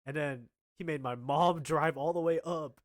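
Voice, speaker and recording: A man's voice: fairly high pitch, normal speed. A man in his twenties telling a casual storytime anecdote, laughing often and stammering through restarts.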